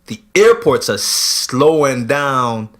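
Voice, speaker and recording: A man co-hosting a podcast in casual chat, posing drawn-out rhetorical questions. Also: medium pitch, expressive, a bit bright. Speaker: podcast co-host.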